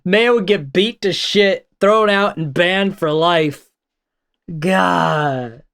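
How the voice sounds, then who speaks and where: A man's voice: high voice, slow pace, vocal fry, a bit bright, a little hiss or hum. A man commenting on a clip in a casual, chatty way and asking viewers to subscribe. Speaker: reaction video host. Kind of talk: reaction commentary.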